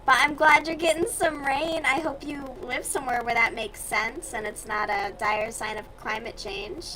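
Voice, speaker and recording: A woman's voice: sits high, steady tone, moderate pace, background noise. A young woman from the US South chatting casually and bluntly with her stream viewers while she crochets, with plenty of swearing.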